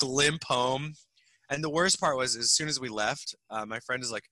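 A young man tells a long, rambling story full of fillers, often laughing as he goes. His voice is very bright and forceful. The sound is dry and close, with no room echo. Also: mid-range voice, moderate pace. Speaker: guest storyteller. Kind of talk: casual anecdote telling.

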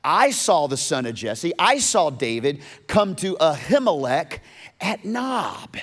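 A man's voice: on the high side, big pitch swings, takes it slowly, exaggerated voice. A man acting out a scheming informer eagerly reporting to a king.

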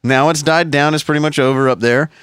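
Male podcast co-host, slightly high smooth voice, heated profane rant, dry close sound. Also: fairly even intonation, fast, fairly bright tone, no room sound.

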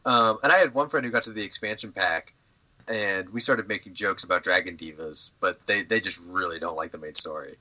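A young man co-hosts a podcast, rambling casually with plenty of fillers and the occasional swear word. His deep voice is bright and forceful, fairly quick, on a rough recording.

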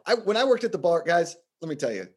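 A man telling stories in casual podcast chat, animated, acting out quotes in shifting voices. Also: fairly high pitch, quick pace, husky.

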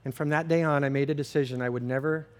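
A man's voice: on the high side, fairly even intonation, fast. A middle-aged man preaching to a live audience as a pastor, telling a candid personal story with self-deprecating humor. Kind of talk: sermon.

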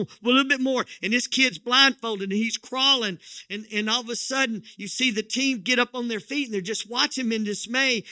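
A man's voice: high voice, bright, forceful tone, no room sound, clean studio sound. A middle-aged man preaching a sermon as pastor, telling a story in a folksy, joking way with many restarts.

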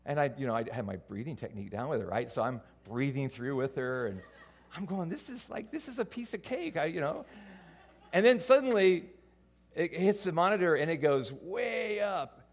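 A male pastor preaching to his congregation, mixing a funny personal story with his sermon. He tells it in an animated, self-mocking way, in a voice a little higher than most men's. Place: church before a congregation.

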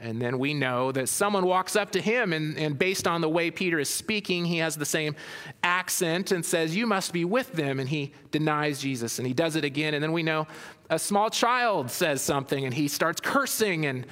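A man's voice: a little high, normal speed, fairly bright tone, long reverb tail. A man preaching a sermon, reading scripture aloud and then expounding on it with frequent restarts. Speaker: pastor.

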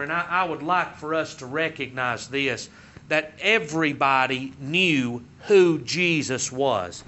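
Man, Bible lesson, bright forceful voice, somewhat high, dull lo-fi recording. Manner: conversational, rising in pitch and force when retelling crowd voices. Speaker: Sunday school teacher.

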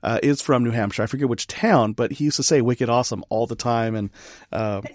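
A man hosting a podcast interview, chatty and quick to laugh at himself in casual conversation. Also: mid-range voice, darkish tone, dry recording, studio quality. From California. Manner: chatty, laughing, self-deprecating. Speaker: podcast host.

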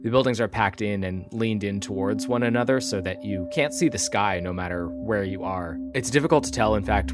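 A man narrating a tabletop role-playing game as game master, describing the scene in measured detail. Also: lowish voice.

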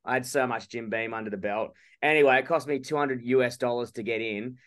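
A man's voice: mid-range voice, fairly quick, a bit bright. A young Australian man co-hosting a casual podcast, telling a story with swearing and mock outrage. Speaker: podcast co-host. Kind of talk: casual chat. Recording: phone or laptop call from abroad.

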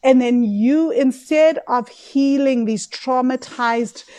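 A woman, coaching on money and mindset in casual podcast talk, animated and emotive. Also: high-pitched, slow pace. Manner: animated, emotive, acts out inner voices.

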